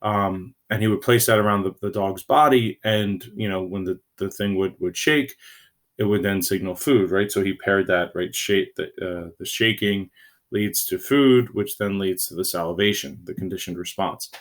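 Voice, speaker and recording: Man, teacher, recorded lecture, slightly low voice, halting, frequent "right?" check-ins. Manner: halting, many fillers and restarts.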